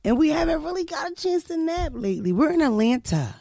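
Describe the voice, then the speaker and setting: Brief: woman comic hosting a podcast, loud and profane, gravelly tone, dry close mic. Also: sits high, fairly quick, no room sound. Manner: loud, profane, animated banter. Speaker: podcast host and comedian. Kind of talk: casual podcast chat.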